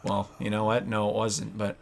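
A man hosting a let's play, talking casually and excitably, yelling and swearing at the game. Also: on the low side, normal speed, creaky, slight background noise. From Canada. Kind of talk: casual gaming commentary.

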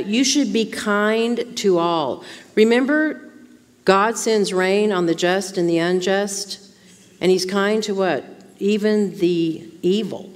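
A woman gives an informal teaching sermon to a room of women, checking in with frequent rhetorical questions. Her voice sits in a middle register. A long hall reverb trails her words in the church. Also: mid-range voice. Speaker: Bible teacher at a women's conference. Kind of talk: conversational sermon.

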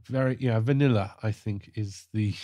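A man on a podcast panel giving a measured, thoughtful, even-handed review. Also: on the low side, no echo, clean studio sound. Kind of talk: casual podcast review chat.

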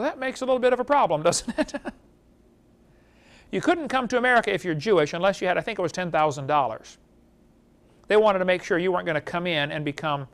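A man with a fairly high voice delivers a lecture to a live audience. He keeps things animated, often turning to the listeners with rhetorical questions. His pitch sits toward the top of the male range. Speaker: creation seminar speaker.

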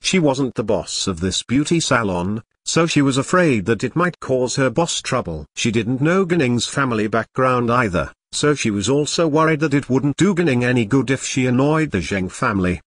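A man narrating an audiobook novel in steady scripted reading. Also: medium pitch, moderate pace, few pauses, no room sound, clean studio sound.

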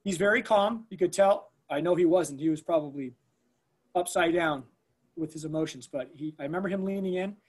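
In a conversational interview, a man with a fairly quick pace and a voice on the high side describes an emergency at school. His telling is animated, full of fillers and restarts, and he performs the quoted lines of the people involved.

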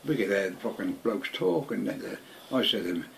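An older man speaks in a rather low, gruff tone, telling his story at home in a loose, meandering way. He swears constantly and keeps repeating words. Faint household ambience sits behind him. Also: a little fast, a little hiss or hum. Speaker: veteran interviewee. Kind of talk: casual reminiscing.

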